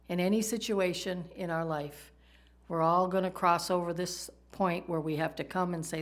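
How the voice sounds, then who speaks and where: Brief: woman preacher with a fairly low voice, teaching sermon with jokes. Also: flat delivery, a little slow. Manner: teaching, explains Hebrew words, tells jokes.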